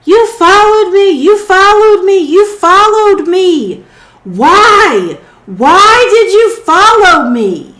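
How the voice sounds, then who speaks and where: A woman's voice: very high voice, big pitch swings, slow pace, a bit bright, voice pushed up, exaggerated voice. A woman voicing a terrified, paranoid male scientist who shrieks and stammers. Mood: panicked. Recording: roomy echo.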